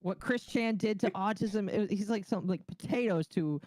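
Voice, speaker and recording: A woman's voice: medium pitch, normal speed, darkish tone, rough recording. A woman guesting on a podcast in casual chat, blunt and profane, with lots of "like.".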